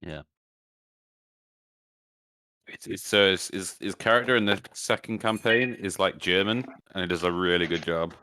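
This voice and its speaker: A man's voice: sits low, steady tone, moderate pace, pauses often, bright, forceful tone, no room sound, clean studio sound. A man running a tabletop game as dungeon master, chatting casually, swearing freely and joking about character voices.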